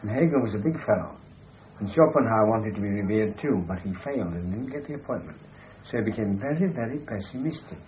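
A man's voice: lowish voice, expressive, a little fast, dull audio, slight background noise. A man holding forth in an emphatic, lecturing way, often asking "you see". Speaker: speaker discussing language. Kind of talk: discursive monologue in conversation.

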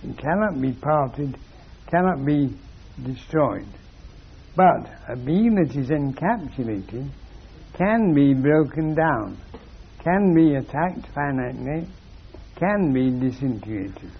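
A man giving a slow, measured spiritual lecture with long pauses. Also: medium pitch, lively intonation, gravelly, husky, muffled recording.

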